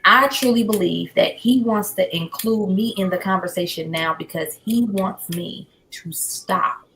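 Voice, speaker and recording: A woman's voice: medium pitch, a little slow, fairly bright tone, poor audio. A woman, calling into a livestream as a guest and earnestly telling how things went with her son, quoting each conversation word for word. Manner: earnest, retells conversations word for word, rises when upset. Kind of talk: emotional personal account on a livestream. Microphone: remote call into a livestream.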